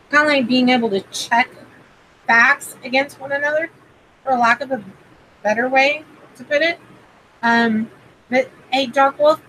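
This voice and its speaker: The rough-sounding, low-quality clip, with slight background noise, features a woman whose voice is a little high and fairly bright. She's a parent hosting a casual livestream with card readings, filling her rambling talk with fillers and greeting viewers by name.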